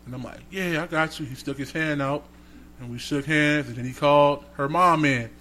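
A male podcast co-host with a medium-pitched voice and moderate pace tells a casual, animated story, imitating the voices of everyone in it.

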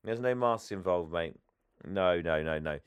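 Brief: tired male co-host, low smooth voice, casual chat, dry close mic. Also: a little slow, dry recording. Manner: chatty, self-deprecating, laughs often. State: tired, yawning. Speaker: podcast co-host.

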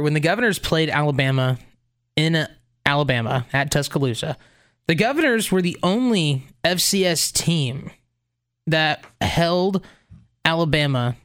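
Man host, clear smooth voice, a bit high, stat-heavy sports preview. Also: fairly bright tone. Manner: informative, reads off stats and schedules. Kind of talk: sports talk, previewing games.

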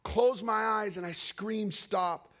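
A man preaching a sermon, telling a personal story with emotional swings between raised cries and hushed, quiet passages. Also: steady tone, takes it slowly. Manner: emotional storytelling with sweeping highs and hushed lows.

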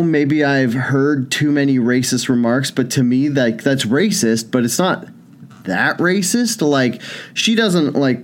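A young man co-hosts a loose chat podcast in an ordinary mid-range voice. He tells stories in a rambling, start-stop way, full of restarts and likes. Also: mid-range voice. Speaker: podcast co-host. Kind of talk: casual banter podcast.

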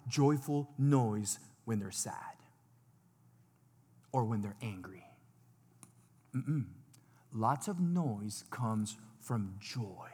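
Dynamic preaching man in a reverberant hall. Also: fairly high pitch. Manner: dynamic, swinging between loud exclamations and hushed asides. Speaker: pastor. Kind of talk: sermon. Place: church sanctuary.

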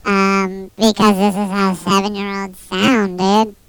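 A man voicing a bratty, boastful seven-year-old boy through a pitch-shifting voice processor, teasing in a sing-song way. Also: flat delivery, slow, creaky, a bit bright, clear, resonant tone, no echo, full character voice, rough recording. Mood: goofy. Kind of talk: comedic podcast banter.

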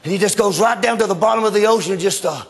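A male preacher delivering an animated sermon that swings between hushed and shouted lines. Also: high voice, quick pace, creaky, slightly rough.

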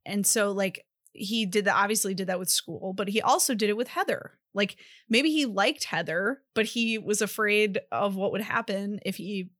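A woman's voice: medium pitch, moderate pace, hardly any pauses, fairly bright tone, no echo, clean studio sound. A woman co-hosting a podcast, chatting casually about a movie's characters with lots of fillers. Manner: chatty, heavy use of 'like'. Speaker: podcast co-host.

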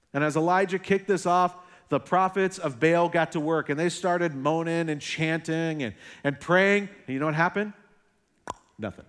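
Young guy pastor preaching, voice a bit high, jokey asides then gets real quiet and intense. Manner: animated storytelling with sarcastic asides, dropping to hushed intensity. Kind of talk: sermon.

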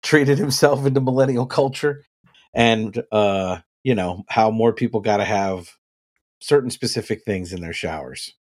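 Male podcast host, lowish voice, relaxed joking banter. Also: moderate pace. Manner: loose, joking, swears freely. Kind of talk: casual chat.

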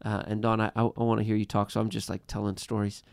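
A man in his thirties earnestly telling a personal family story, halting with frequent restarts. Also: lowish voice, flat delivery, vocal fry, a little mellow, no room sound, studio quality. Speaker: guest. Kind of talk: personal storytelling in a podcast chat.

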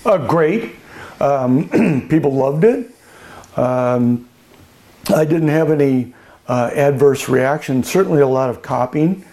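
A man's voice: medium pitch, lively intonation, slow pace, dark tone. An older man who owns a winery, telling anecdotes in an oral history interview, chatty, laughing often and acting out the voices of people he quotes. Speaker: winery owner.

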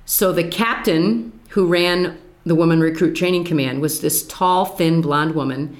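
An older woman, a former Marine, telling stories from her service in an animated, laughing conversational way. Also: on the low side, measured pace, echoey room. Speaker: veteran telling her story. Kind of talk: casual storytelling chat.

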